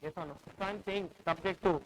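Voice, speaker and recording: A man's voice: sits high, a little fast, slight background noise, rough recording. A man with an Indian English accent lecturing on tax law, repeating each point and quizzing the class with rhetorical questions.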